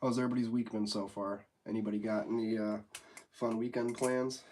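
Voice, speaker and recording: A man's voice: on the low side, level tone, brisk, darkish tone, slight background noise. Congested, rambling young man chatting. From United States. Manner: rambling, laid-back, swears freely. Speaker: livestream host. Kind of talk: casual livestream chat.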